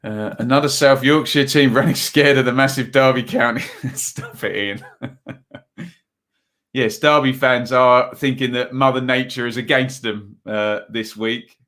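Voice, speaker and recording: A man's voice: medium pitch, fairly even intonation, normal speed, few pauses, fairly bright tone. A man hosting a casual live football stream, chatting loosely with many fillers as he reads out viewer comments between match updates.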